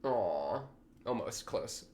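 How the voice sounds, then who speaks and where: A young man hosting a reaction video, talking casually and excitably with a lot of slang as he reacts to what he watches. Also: lowish voice, takes it slowly, slight background noise. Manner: excitable, slangy, thinks aloud.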